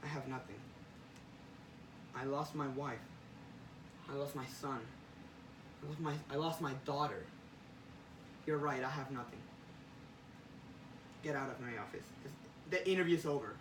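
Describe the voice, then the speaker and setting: Brief: man reading a blunt, bitter middle-aged newspaper chief, accusing tone, slightly high voice, echoey room, mic far off. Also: expressive, normal speed, noisy background. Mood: broken. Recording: roomy sound, far from mic.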